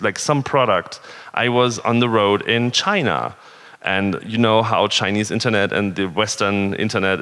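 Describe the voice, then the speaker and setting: A man's voice: fairly low pitch, a bit bright. A man from northern Germany giving a conversational, earnest conference talk with rhetorical questions. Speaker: conference speaker. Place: conference hall. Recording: reverberant hall.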